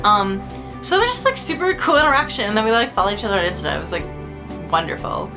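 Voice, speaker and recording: A woman's voice: mid-range voice, very animated, fast talker, over music. A woman vlogger chatting casually, rambling with lots of "um" and "like," gushing with enthusiasm. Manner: rambling, heavy on fillers like "um" and "like". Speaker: doll-collecting vlogger. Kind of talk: casual chat.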